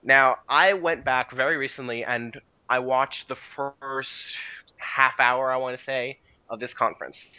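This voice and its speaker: A man's voice: medium pitch, fairly even intonation, unhurried, sharp tone, smooth, highs cut off. A man co-hosting a casual podcast about video game history, rambling with many restarts and "you know" fillers. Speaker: podcast co-host.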